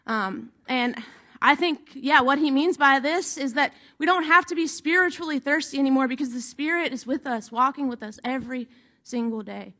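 Woman pastor preaching, high bright voice, chatty, keeps saying right?. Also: normal speed. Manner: conversational preaching, often checks in with "right?". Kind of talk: sermon.

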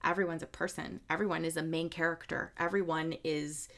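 A woman hosts a podcast in a voice that sits a bit low. She sounds thoughtful and articulate. Her conversation is casual, and now and then she picks up speed. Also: little pitch movement, gravelly, a bit bright. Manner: thoughtful, articulate, sometimes quick. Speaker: podcast host.

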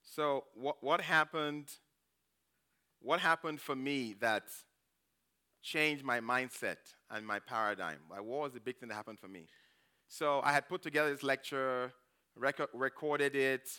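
Speaking unhurriedly in a bright, smooth, mid-range voice, a church elder gives a conversational sermon built on personal stories. He acts out how he reacted and repeatedly checks in with the congregation with "okay?"

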